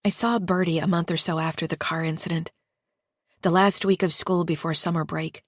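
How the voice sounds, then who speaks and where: A woman narrating a first-person psychological thriller audiobook in a measured, deliberate reading. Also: fairly low pitch, steady tone, no echo, clean studio sound. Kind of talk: scripted narration.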